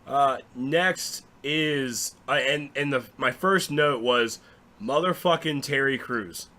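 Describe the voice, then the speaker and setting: Excitable bright-voiced gaming host. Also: male voice, medium pitch, slow. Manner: excitable, swears freely. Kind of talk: casual game news recap chat.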